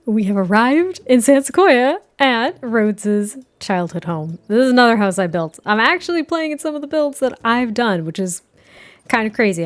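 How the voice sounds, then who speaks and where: Effusive woman narrating a life-sim game. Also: on the high side. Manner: effusive, gushing, chatty. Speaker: gaming content creator. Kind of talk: casual gameplay narration.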